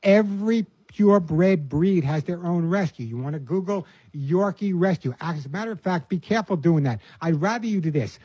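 A man's voice: high-pitched, expressive, moderate pace, hardly any pauses, warm tone, slightly rough, no echo, muffled recording. An older man hosting a call-in radio show about pets, giving earnest, folksy advice and often repeating words as he starts a phrase. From New York. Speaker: radio pet advice host.

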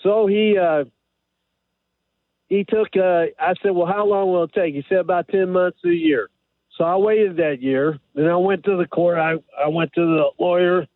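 A man calls in over a thin, tinny phone line with a dry sound. His voice sits fairly high, and he tells his story in a rambling, hesitant way, stopping often to search for words. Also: fairly even intonation, no room sound. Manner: rambling, halting, many fillers. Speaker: caller. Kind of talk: call-in radio question.

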